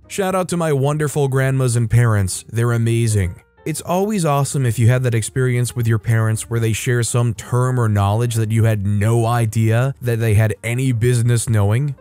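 A man narrates online stories in a steady, conversational reading voice. His tone is mellow and relaxed, at a middle pitch. Faint music plays softly under the voice. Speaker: story narrator.

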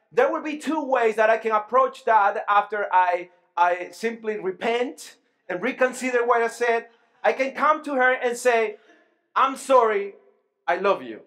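A man's voice: very high voice, fairly bright tone. A man preaching a sermon to his congregation, often asking them questions, repeating and restarting words as he goes. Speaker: pastor. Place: church sanctuary.

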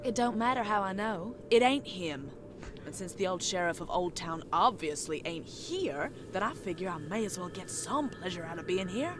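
A woman's voice: lowish voice, animated, normal speed, lightly acted. A woman voicing an aggressive Old West woman in a video game, with a drawling Western accent and a coarse, threatening manner. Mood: hostile. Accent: American Western. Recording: game audio with background noise.

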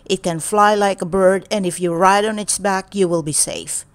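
A woman's voice: mid-range voice, steady tone, moderate pace, clean tone, close to an everyday voice. A woman voicing a strange old female fortune teller who gives a solemn warning.

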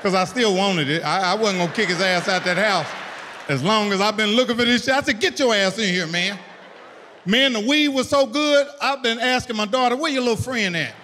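A high-pitched older man on stage telling a story, bursting into loud acted-out voices. His voice rings with long hall reverb. A faint hiss sits underneath. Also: a little fast, some chatter behind. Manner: animated storytelling, acts out voices with loud outbursts. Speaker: stand-up comedian. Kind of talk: stand-up comedy set.

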